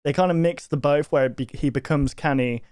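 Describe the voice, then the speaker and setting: A man's voice: a little high, brisk, a little mellow, smooth, no echo, clean studio sound. A young man giving casual reaction commentary, laughing a lot and exclaiming. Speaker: YouTuber reacting to clips.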